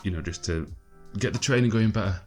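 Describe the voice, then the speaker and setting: A man giving casual gameplay commentary, chatty and exasperated, swearing often and filling pauses with ums. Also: fairly low pitch, a little mellow, faint music behind. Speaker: gaming channel host.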